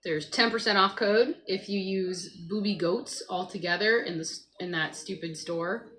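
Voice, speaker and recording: A woman's voice: mid-range voice, moderate pace, a bit bright, slight background noise, rough recording. Chatty woman hosting a morning livestream. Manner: chatty, reads chat aloud, talks to her child between comments. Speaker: livestream host. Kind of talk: casual morning livestream chat. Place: at home by a computer.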